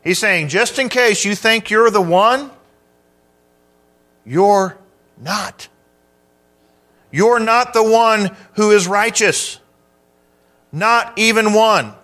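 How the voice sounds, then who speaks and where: A man preaching a sermon, teaching through scripture verse by verse, with emphatic pauses and questions to the congregation. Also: sits high, pushed and bright. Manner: measured, with emphatic pauses on key words.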